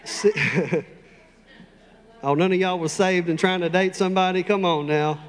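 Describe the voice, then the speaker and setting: A man preaching a sermon, emphatic and deliberate, with playful asides to the congregation. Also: high-pitched, steady tone, big-room sound. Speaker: pastor.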